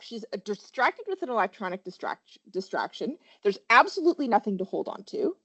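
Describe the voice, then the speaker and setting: A woman's voice: mid-range voice, big pitch swings, a little fast, fairly bright tone, husky. A woman workplace safety trainer giving a webinar presentation, talking animatedly and quizzing her listeners with questions.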